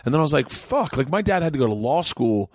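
A man's voice: mid-range voice, rapid-fire, no echo, studio quality. A middle-aged man hosting a podcast, telling stories in casual, profane chat. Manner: profane, animated storyteller. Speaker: podcast host.

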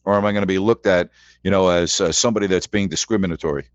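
A man's voice: low voice, fairly even intonation, fast, no room sound, muffled recording. A man hosting a sports radio call-in show, rambling chattily through scores and rhetorical questions. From New York.

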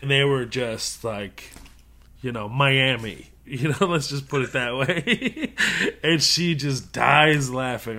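Animated man telling comedic stories. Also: mid-range voice, takes it slowly. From Middle East. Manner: animated storytelling, often laughing. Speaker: comedian guest. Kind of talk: casual interview conversation.

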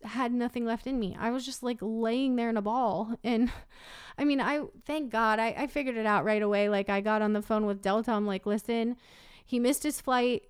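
A woman's voice: fairly high pitch, smooth, no room sound, clean studio sound. Chatty woman telling an emotional story. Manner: emotional storytelling, many fillers. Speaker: guest telling a personal story. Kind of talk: casual chat.

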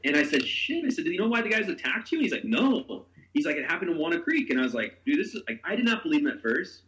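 Animated storytelling man in an echoey room. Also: fast talker. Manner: animated, acts out quotes with big pitch jumps, swears, laughs. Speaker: podcast host. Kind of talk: casual storytelling chat.

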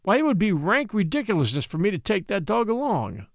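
A man's voice: high voice, wildly swooping pitch, a little fast, gravelly, no room sound, pitched above the performer's own voice, full character voice. A man voicing a dry, wry middle-aged dog musher who needles his companion innocently.

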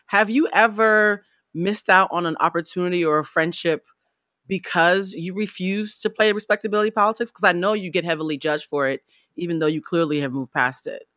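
Bright-voiced woman co-host asking questions. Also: on the low side, no room sound, studio quality. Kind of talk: interview question.

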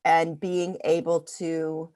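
A woman podcast co-host speaking in a slow, measured, reflective way. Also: low-pitched, level tone, darkish tone.

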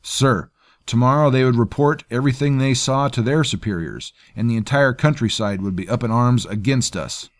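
A man's voice: mid-range voice, moderate pace, no room sound, clean studio sound, voice pushed up, natural voice. A man voicing a coarse, sneering male mercenary with a taunting, mocking way of talking. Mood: placating.

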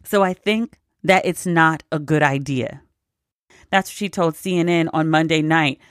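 A woman's voice: low voice, unhurried, dry recording, studio quality. A woman hosting a podcast, giving casual news commentary in a wry, exasperated way and laughing between quotes. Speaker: podcast host.

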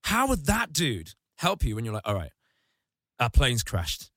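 A man with a mid-range voice rants with comic relish, as in a casual podcast. Now and then he jumps into mocking squeaky impressions. The sound is dry and close to the mic. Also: measured pace, gravelly, no echo. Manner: animated ranting, mocking voices in sudden high squeals. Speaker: podcast host. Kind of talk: casual comedic podcast chat.

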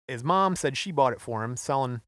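A man's voice: medium pitch, lively intonation, brisk, fairly bright tone, no echo, clean studio sound. A man co-hosting a podcast, retelling a story in an offhand, joking way. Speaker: podcast co-host. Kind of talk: casual chat.

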